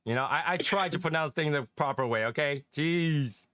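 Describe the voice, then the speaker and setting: A man's voice: fairly high pitch, normal speed, fairly bright tone, no echo, clean studio sound. A middle-aged man from Connecticut hosting a casual chat, rambling and joking with frequent laughs. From Northeast Connecticut. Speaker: host.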